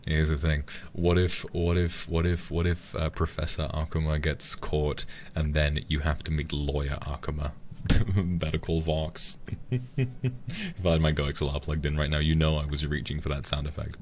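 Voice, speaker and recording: Very deep-voiced male streamer. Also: steady tone, normal speed, slight background noise. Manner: rambling, playful, laughs often. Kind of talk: casual stream chat.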